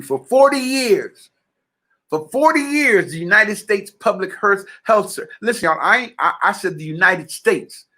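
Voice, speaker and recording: A man's voice: sits high, bright, forceful tone. A man giving an impassioned message in a fervent, preacher-like way. He addresses his listeners directly and repeats phrases for emphasis. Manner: addresses listeners directly and checks they follow. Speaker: spiritual speaker.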